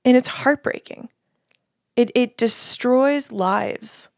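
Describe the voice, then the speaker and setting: Woman host, impassioned and emphatic, creaky voice, dry sound. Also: on the high side, slow pace, darkish tone, no echo. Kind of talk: casual conversation.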